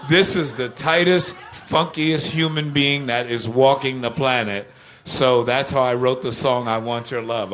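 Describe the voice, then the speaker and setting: Older man telling animated stories. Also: medium pitch. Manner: animated anecdotes, laughs, acts out quoted voices. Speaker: musician guest. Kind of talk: casual interview storytelling.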